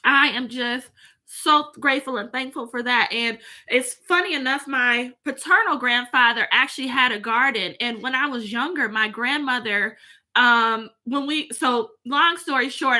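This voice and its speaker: A woman's voice: a little high, normal speed, bright, forceful tone. A woman, chatting casually from home straight to her viewers and reading out their comments. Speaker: vlogger.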